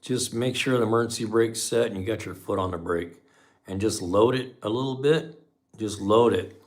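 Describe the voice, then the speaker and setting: Speaking at an ordinary pace in a lowish voice, a middle-aged mechanic runs a live stream. He keeps things casual with viewers, shares folksy shop stories, and repeatedly says "man."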